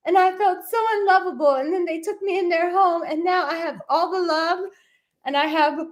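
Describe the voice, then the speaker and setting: A woman voicing a sweet, grateful female rescue dog in a high, soft, sing-song voice. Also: normal speed. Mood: tender.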